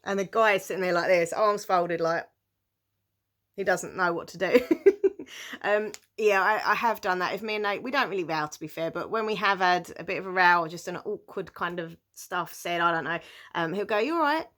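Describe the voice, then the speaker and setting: A woman's voice: on the low side, steady tone, moderate pace, fairly bright tone. A young British woman chatting casually to camera as she answers viewer questions, giggling often and speaking with many fillers. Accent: British English.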